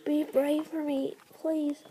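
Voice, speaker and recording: A woman voicing a gentle, dying mother cat who speaks faintly and breathily. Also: sits high, lively intonation, drawn-out words, exaggerated voice. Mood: weak, tender.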